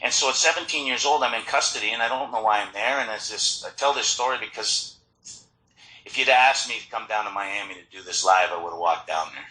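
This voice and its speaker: Man telling his recovery story at a meeting, sharp bright tone, roomy hall sound. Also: on the low side, fairly quick. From Florida. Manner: storytelling, animated, frequent restarts. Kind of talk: personal recovery talk.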